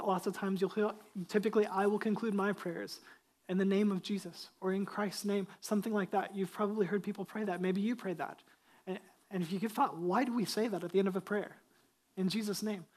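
A pastor with a high voice preaches a sermon from the pulpit, emphatic and driving. He repeatedly addresses the congregation with rhetorical questions and repeats key lines for emphasis.

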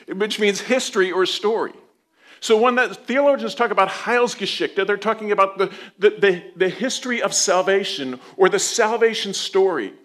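A pastor preaching a sermon, opening with a soft, low prayer and then telling stories in a playful, conversational way with asides. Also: male voice.

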